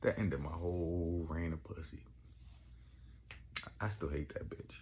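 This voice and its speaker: A young man telling rambling, profane stories in casual chat, getting excitable as he goes. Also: sits low, unhurried, slight background noise. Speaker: podcast host. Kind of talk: casual storytelling.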